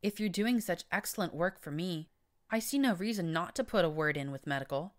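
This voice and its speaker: A woman voicing a manipulative female pony leader with a smooth, purring way of talking, in an audiobook reading. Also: on the low side, lively intonation, brisk, close to an everyday voice. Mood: smooth, scheming.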